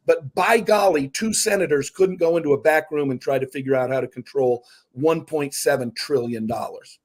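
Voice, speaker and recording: A man who is a guest on a talk podcast, a speaker and author, telling stories in animated, casual conversation. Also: on the high side. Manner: animated storyteller, breaks words down.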